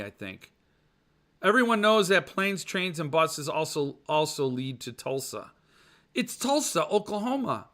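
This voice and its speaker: A man's voice: fairly high pitch, pushed and bright. A man hosting a casual podcast, rambling and joking as he reads viewer comments and rants. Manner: rambling, jokey, goofs around with mock voices. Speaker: podcast host. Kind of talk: ranting casual chat reading viewer comments.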